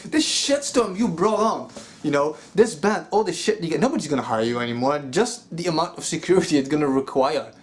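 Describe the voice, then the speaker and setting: A man speaks in a slightly higher-than-usual voice, ranting straight to his viewers. He sounds exasperated and swears freely, with plenty of fillers along the way. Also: lively intonation, brisk. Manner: profane, exasperated, lots of filler like 'you know'. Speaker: metal vlogger. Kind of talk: angry commentary rant.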